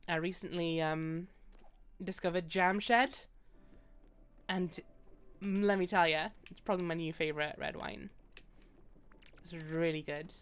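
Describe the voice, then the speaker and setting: A woman's voice: on the low side, fairly even intonation, measured pace, pauses often, clear, resonant tone. A young British woman chatting casually while streaming a game, rambling and laughing often. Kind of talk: casual gaming stream chat.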